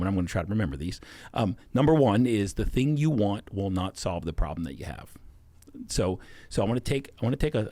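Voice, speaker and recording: A man's voice: fairly low pitch, a little mellow, dry recording. A man speaking as a podcast guest, earnestly explaining his ideas step by step. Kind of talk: casual chat.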